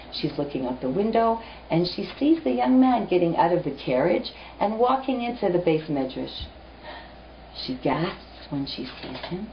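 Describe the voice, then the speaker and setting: Woman lecturer, animated storytelling, fairly low voice, muffled lo-fi sound, faint hiss. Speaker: teacher. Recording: muffled lo-fi recording.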